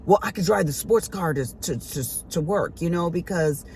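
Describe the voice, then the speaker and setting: A woman's voice: fairly low pitch, normal speed, a little mellow, a little hiss or hum. Chatty middle-aged woman telling a story. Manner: chatty, emphatic, colloquial, acts out family quotes. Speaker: vlogger. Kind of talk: casual storytelling to viewers.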